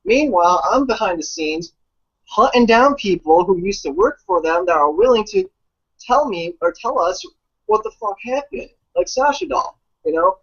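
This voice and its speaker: A man with a husky, slightly high voice talks in a loose, rambling chat, swearing freely and piling up fillers. His pitch swings widely as he gets worked up. The audio is dull and lo-fi. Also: normal speed. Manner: animated, profane, rambling with fillers. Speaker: guest commentator. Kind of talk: casual chat.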